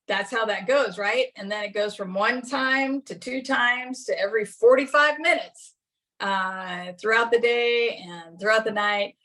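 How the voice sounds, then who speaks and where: A woman's voice: on the high side, fairly bright tone. A middle-aged woman giving a casual class talk, chatty and anecdotal, often laughing as she tells her own story. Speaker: class presenter.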